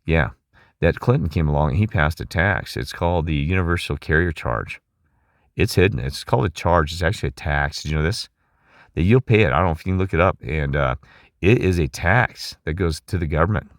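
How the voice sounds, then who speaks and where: A man's voice: low voice, lively intonation, brisk, dry recording, studio quality. A middle-aged man talking in a rambling, emphatic monologue, asking listeners questions and restarting his sentences. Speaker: channel host.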